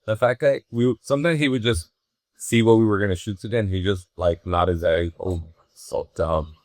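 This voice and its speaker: A man's voice: on the low side, fairly even intonation, fairly quick, a little mellow, no echo. A man, a stand-up comedian, chatting casually and acting out scenes in a rambling, laid-back way. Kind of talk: casual interview chat.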